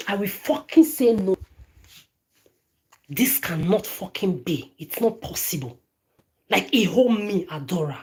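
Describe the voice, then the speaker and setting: A woman's voice: medium pitch, expressive, moderate pace, mellow. Woman ranting at her phone, stumbles over words, repeats herself a lot, lots of swearing. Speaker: vlogger. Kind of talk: angry direct-to-camera rant.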